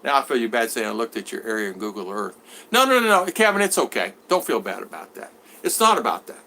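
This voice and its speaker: A man's voice: lowish voice, very animated, quick pace, bright, forceful tone. A man vlogger chatting casually on a live stream, telling rambling stories and acting out the people in them. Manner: rambling storyteller who acts out voices.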